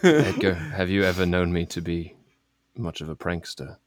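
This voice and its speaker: A man's voice: low voice, moderate pace, noisy background, close to an everyday voice. A man playing an earnest male adventurer in a tabletop role-play, speaking in a solemn, formal way as he explains things. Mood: urgent.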